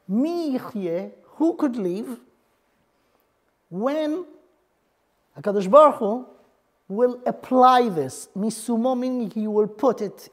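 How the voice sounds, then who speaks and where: Woman teaching Torah earnestly, high voice. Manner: explains earnestly in broken English, mixing in Hebrew terms. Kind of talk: Torah lesson.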